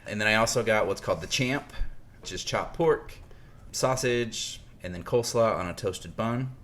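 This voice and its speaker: A man talks casually on a podcast, walking through details at length. His voice sits fairly low. A faint hiss runs under the recording. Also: moderate pace, fairly bright tone. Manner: chatty, detailed explaining. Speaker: podcast co-host. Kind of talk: casual chat. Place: North Carolina.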